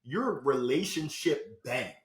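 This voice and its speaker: A man who is a motivational speaker, talking as a podcast guest in an animated, storytelling way with sudden loud bursts. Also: mid-range voice, takes it slowly. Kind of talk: energetic interview talk. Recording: roomy echo.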